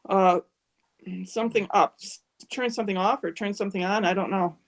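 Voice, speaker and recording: Woman helping at a club meeting, reading and puzzling aloud, mid pitch. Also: low-quality recording. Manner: quick, puzzling over text aloud. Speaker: meeting participant. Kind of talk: casual chat.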